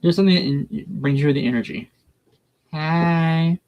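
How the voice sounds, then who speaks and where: A man's voice: fairly high pitch, moderate pace, dull audio. A man giving a tarot reading on a livestream in a blunt, folksy way. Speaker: tarot reader.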